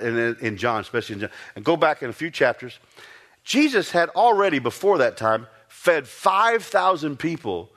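A man preaching a sermon, retelling scripture stories in a folksy, animated way, often repeating and restarting his phrases. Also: mid-range voice. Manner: animated storytelling, rising to emphatic peaks.

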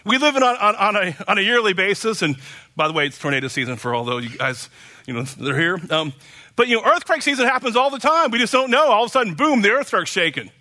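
A man's voice: high voice, very animated, fast, sharp tone. A man from Oklahoma preaching a casual sermon, rambling and chatty with many fillers and restarts.

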